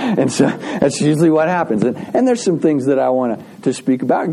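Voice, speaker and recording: Husky, mellow man preaching casually. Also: fairly high pitch, expressive, normal speed, hardly any pauses. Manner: folksy storytelling with laughs and restarts. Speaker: pastor. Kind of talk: conversational sermon.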